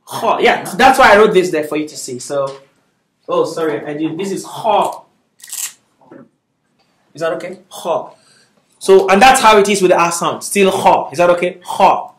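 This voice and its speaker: A man's voice: high voice, animated, brisk, fairly bright tone, distant mic. Patient man teaching in an echoey room. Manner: patient, checks in with students constantly; encouraging, drills syllables aloud. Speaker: Arabic teacher. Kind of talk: classroom lesson. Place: classroom.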